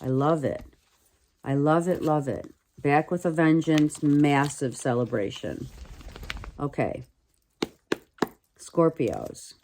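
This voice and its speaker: A woman's voice: sits low, slow pace, pauses often, a little mellow, slight background noise. A woman giving a casual tarot reading, musing aloud with repetitions and restarts. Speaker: tarot reader.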